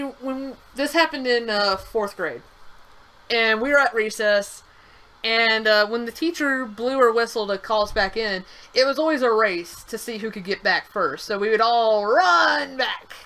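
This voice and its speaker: A young woman co-hosting a game stream chats casually, telling a rambling story full of restarts and the occasional swear word. Her voice is a little high and a bit bright, her pace measured, and the audio quality is poor.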